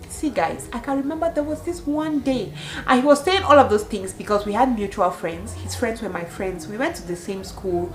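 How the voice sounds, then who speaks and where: A young woman from Cameroon in her twenties tells a storytime vlog. Her voice sits a little high, and her storytelling is animated and broken up by bursts of laughter. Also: moderate pace, low-quality recording. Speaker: vlogger.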